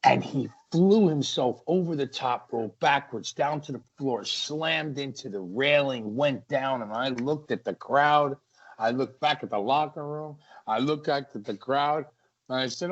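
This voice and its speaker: A man, a wrestler, telling stories from the ring as a guest in an energetic, animated way. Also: medium pitch, normal speed, slightly rough. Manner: energetic, acts out ring action. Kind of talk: animated storytelling. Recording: lo-fi muffled audio.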